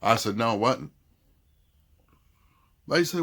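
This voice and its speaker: A man's voice: medium pitch, lively intonation, measured pace, gravelly, a bit bright. A middle-aged man with a thick Southern accent, casually retelling a dispute and quoting what each side said. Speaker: vlogger. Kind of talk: casual storytelling.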